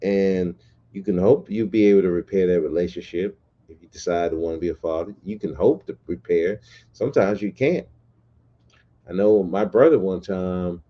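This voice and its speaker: A man's voice: low voice, dull audio. A man hosting a podcast livestream, ranting bluntly and profanely in a casual, repetitive way. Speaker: podcast host.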